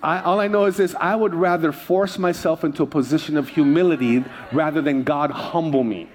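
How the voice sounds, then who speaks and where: A man's voice: on the high side, a little fast, a little hiss or hum. A man preaching a sermon to his church, conversational and joking with the congregation. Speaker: pastor.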